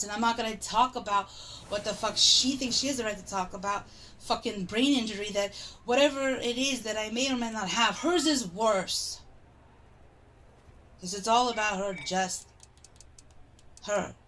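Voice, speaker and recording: A woman's voice: mid-range voice, a bit bright, slight background noise. A woman streamer in an exasperated, heavily profane livestream rant.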